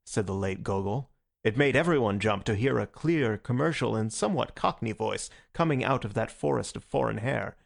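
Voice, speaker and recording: A man narrating an audiobook in a measured, even reading voice. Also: medium pitch, vocal fry. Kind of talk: scripted narration.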